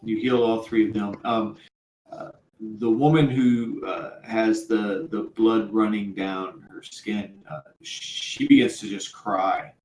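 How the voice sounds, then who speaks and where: A man's voice: lowish voice, steady tone, slow pace, a little mellow. A man narrating a tabletop game as game master, hesitant and full of ums and uhs. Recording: roomy echo, faint background hum.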